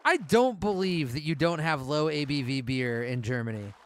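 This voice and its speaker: Casual male gamer, high and very animated, talkative and profane. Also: moderate pace. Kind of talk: casual chat while gaming.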